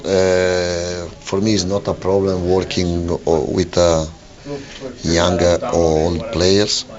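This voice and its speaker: A football manager giving a halting post-match radio interview, full of fillers and restarts, on a lo-fi broadcast. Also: male voice, sits low, level tone, a crowd in the background.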